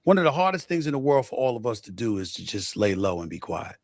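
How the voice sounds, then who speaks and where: A man gives deliberate commentary and carefully weighs each side. The sound is dry and close, and his voice sits at an ordinary middle pitch. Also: very animated, dry recording. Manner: deliberate, weighs both sides. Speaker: sports show producer. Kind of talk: measured spoken commentary.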